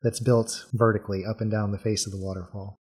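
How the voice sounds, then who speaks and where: A man running a tabletop role-playing game as game master, describing scenes in unhurried detail. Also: fairly low pitch, flat delivery, a little mellow, breathy edge.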